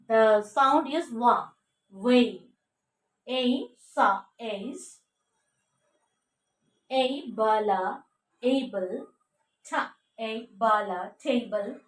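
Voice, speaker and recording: A woman teaching pronunciation, drilling words slowly, spelling out letters and checking with "okay?" between them. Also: a little high, recorded from a distance. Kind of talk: slow drilled pronunciation lesson. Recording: echoey room, a bit off mic.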